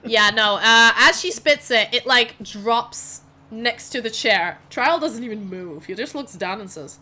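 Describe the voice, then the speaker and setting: A woman's voice: on the high side, lively intonation, a little slow, few pauses, pushed and bright, a little hiss or hum. A woman narrating a tabletop game as game master, casual and rambling with many fillers.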